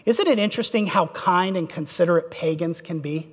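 Preaching an expository sermon, this man tells the story with animation and performs the quoted lines. His voice is high, brisk, and slightly bright. The recording sounds dull and was made in a reverberant hall.

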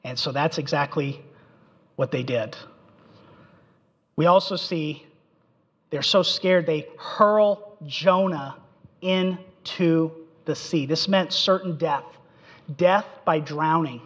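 A man's voice: on the high side, takes it slowly, long pauses, breathy edge. A man preaching a sermon, telling the story with animation and acting out the quotes, in a dull recording in a reverberant hall. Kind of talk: expository sermon.

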